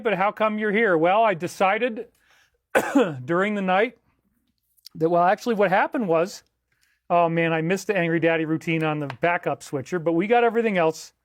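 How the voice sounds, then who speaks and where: A man chatting casually on his own live stream, loose and rambling as he thanks viewers for joining and donating. The sound is close and dry, with no room echo. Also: sits high. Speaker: livestream host. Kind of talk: casual livestream chat.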